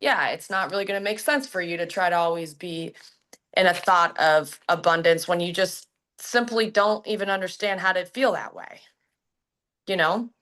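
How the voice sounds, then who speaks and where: A young adult woman, a hypnotherapist, talking about healing in a casual, animated, slangy way. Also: lowish voice, normal speed. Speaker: guest hypnotherapist. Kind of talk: casual podcast chat.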